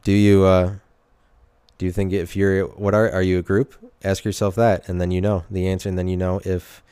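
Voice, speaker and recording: A man's voice: low-pitched, flat delivery, moderate pace, mellow, clear, resonant tone, no echo. A man rambling through a solo monologue in a sardonic way, often breaking off and restarting his sentences.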